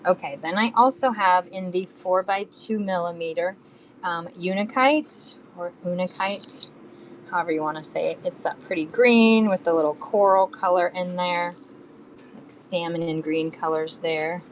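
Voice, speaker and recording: A woman's voice: fairly low pitch, steady tone, normal speed, a little hiss or hum, rough recording. Chatty woman selling beads live. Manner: chatty, counts beads aloud, hums while working. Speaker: live shopping seller.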